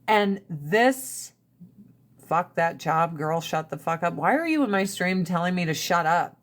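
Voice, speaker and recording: A woman's voice: on the low side, animated, measured pace. A woman hosting a casual live stream, talking bluntly with plenty of profanity and ranting with rising emphasis. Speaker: livestream host. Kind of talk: casual livestream chat.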